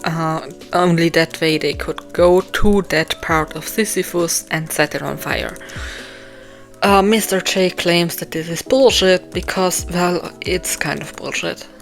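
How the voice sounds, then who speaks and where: A woman's voice: lowish voice, steady tone, a little slow, soft background music. A young woman thinking aloud as she writes her novel, rambling and self-deprecating, with plenty of ums and restarts and a voice getting tired. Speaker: author writing a novel live. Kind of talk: casual thinking aloud while writing.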